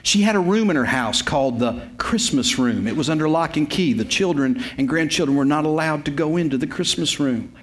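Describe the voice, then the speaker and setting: A man's voice: on the high side, animated, a little fast, few pauses. A man, preaching a sermon as a pastor. He tells the story in an emphatic, repetitive way with folksy humor. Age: 50s.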